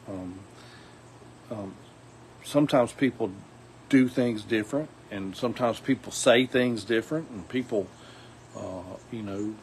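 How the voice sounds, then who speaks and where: A man's voice: medium pitch, darkish tone, slight background noise, poor audio. A man from South Alabama with a Southern accent, talking casually to his viewers in a rambling, folksy way, full of fillers and restarts. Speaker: outdoors vlogger. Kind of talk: casual talk to camera. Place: outdoors.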